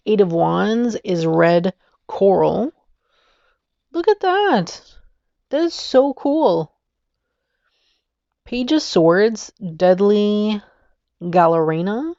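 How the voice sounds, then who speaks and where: Enthusiastic woman vlogger, unhurried delivery with a touch of fry, dry muffled home recording. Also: lowish voice, a little mellow, no room sound. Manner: gushing, enthusiastic, giggly. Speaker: tarot deck reviewer. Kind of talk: casual video review.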